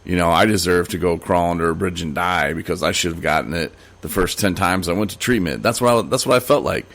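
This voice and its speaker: Deep-voiced man rambling on a podcast. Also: fast talker, fairly bright tone. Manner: rambling, with many "you know" fillers and restarts. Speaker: podcast host. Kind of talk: casual solo podcast monologue.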